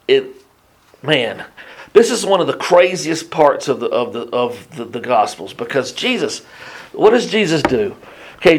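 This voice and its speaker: A man preaching a Bible teaching in an animated, conversational way, often restarting his sentences and adding asides. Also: on the high side. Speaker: pastor.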